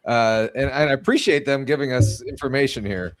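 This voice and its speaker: A man's voice: mid-range voice, brisk, no room sound. A man hosting an interview, asking short questions and encouraging his guests. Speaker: host.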